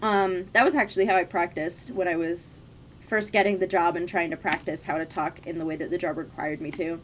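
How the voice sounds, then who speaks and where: A woman's voice: on the low side, steady tone, brisk, slight background noise. Chatty young woman streamer, rambling. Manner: rambling, chatty storytelling with frequent laughs. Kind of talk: casual chat while gaming.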